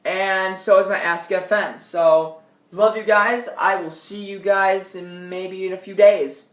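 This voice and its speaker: A young woman vlogging on a tablet at home, telling a scary story in an animated way, with loud outbursts and quiet asides. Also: mid-range voice, measured pace, echoey room. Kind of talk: casual storytelling vlog. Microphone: tablet built-in mic.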